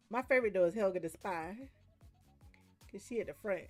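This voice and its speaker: A woman streaming a game while chatting casually, telling animated stories and breaking often into big laughs. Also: medium pitch, normal speed, long pauses, faint music behind. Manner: animated storytelling. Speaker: gaming streamer. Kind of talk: casual chat while gaming.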